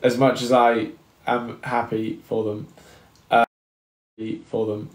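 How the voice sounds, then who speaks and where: A man chatting casually on a live stream, relaxed and a little hesitant, often repeating himself. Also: mid-range voice, slow pace, reverberant, low-quality recording. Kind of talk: casual chat.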